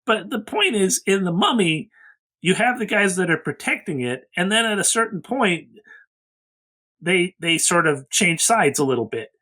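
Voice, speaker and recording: Male podcast co-host, amused, high-ish and lively. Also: normal speed. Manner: amused, laughing often. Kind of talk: casual chat.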